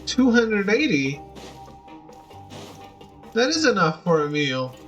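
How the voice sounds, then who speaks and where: A high-voiced man thinks out loud while he streams a video game. His remarks are casual and wry, and quiet music plays under him. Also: big pitch swings, takes it slowly, recorded from a distance, lo-fi sound. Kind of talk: casual gameplay commentary.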